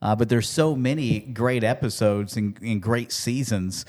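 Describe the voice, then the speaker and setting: Radio man on a podcast mic, spins animated stories and voices the quotes. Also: mid-range voice, unhurried. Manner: animated storyteller, acts out quotes. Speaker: radio host guest. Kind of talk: casual podcast chat.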